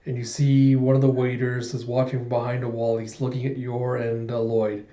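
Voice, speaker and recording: A man's voice: medium pitch, level tone, normal speed, warm tone, echoey room, dull audio. A man casually retelling a manga chapter in a chatty, rambling way. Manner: chatty, filler-heavy retelling. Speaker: manga reviewer. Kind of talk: casual reaction recap.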